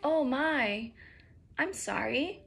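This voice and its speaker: A small, sweet young bluebird from a picture book, put on by a woman reader. She speaks in a high, bright voice with a soft breathy edge, sounding earnest and a little apologetic. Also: animated, very slow, soft background music, heavily acted.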